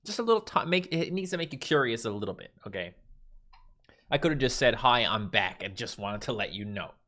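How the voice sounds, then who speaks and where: A man's voice: on the low side, expressive, fairly quick, pushed and bright. A man from Newfoundland with a Newfoundland accent, chatting casually on a livestream from a mostly empty carpeted room and answering viewer chat. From Newfoundland, Canada. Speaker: livestream host.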